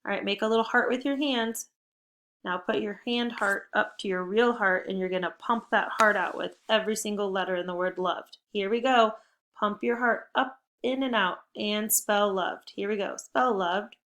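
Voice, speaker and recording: A woman teaching a spelling lesson to young children, speaking slowly and clearly, upbeat and encouraging. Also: mid-range voice, a bit bright. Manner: slow, deliberate word-by-word modeling.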